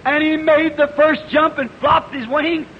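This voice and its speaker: This is a man with a strikingly high voice, preaching a fervent revival sermon in a large hall. The old recording is muffled and hissy, and his words echo through a long reverb. He moves from easy storytelling to impassioned shouting. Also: little pitch movement, unhurried, vocal fry. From United States. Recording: lo-fi 1950s hall recording with hiss.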